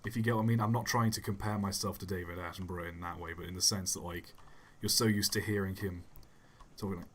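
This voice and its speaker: A soft-spoken young man answering chat questions on a casual livestream, rambling and self-deprecating. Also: low-pitched, fairly even intonation, quick pace, hardly any pauses, slight background noise. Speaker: YouTube channel host. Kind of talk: casual livestream Q&A while gaming.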